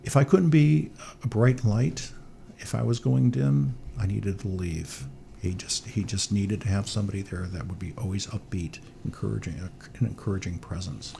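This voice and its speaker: Interview guest: male military chaplain, gravelly and mellow, upbeat anecdotes. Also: lowish voice, normal speed, a little hiss or hum. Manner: animated storyteller, upbeat. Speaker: chancellor of military archdiocese.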